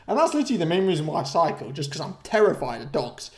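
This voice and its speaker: A young man ranting casually through a story to camera, swearing freely, laughing mid-sentence and jumping up in pitch when outraged. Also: very animated, quick pace, few pauses. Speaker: vlogger.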